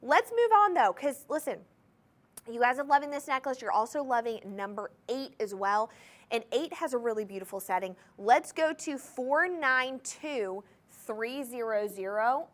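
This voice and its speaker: A woman hosting a shopping channel, giving an enthusiastic live sales pitch for jewelry and talking straight to viewers in a TV studio. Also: expressive, normal speed. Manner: enthusiastic, chatty, addresses viewers directly. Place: TV studio with controlled lighting.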